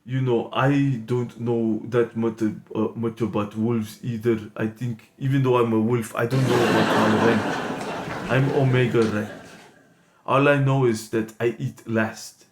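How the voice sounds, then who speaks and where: A man voicing a soft-spoken, patient male wolf playing a Latin lover in an improvised comedy sketch, talking low, slow and smug. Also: natural voice. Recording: echoey room with steady noise.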